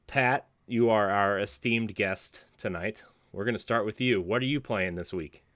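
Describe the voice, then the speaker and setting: Tired, bright-toned podcast host man. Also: fairly low pitch, normal speed, no echo, clean studio sound. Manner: rambling, self-deprecating, laughs often. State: tired from lack of sleep. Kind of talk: casual podcast chat and show plugs.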